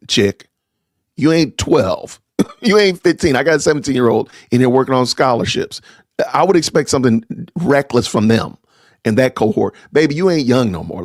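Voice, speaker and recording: A middle-aged man hosts a podcast, launching into an indignant, stammering rant of live-streamed commentary and repeating himself often. His voice is mid-range with a darkish tone, recorded with studio quality and no room sound.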